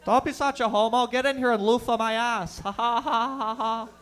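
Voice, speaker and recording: A man's voice: very high voice, steady tone, moderate pace, a bit bright, soft background music, pitched above the performer's own voice. A man voicing a jeering young male hockey player bully with a Barrie, Ontario accent and a braying, mocking laugh.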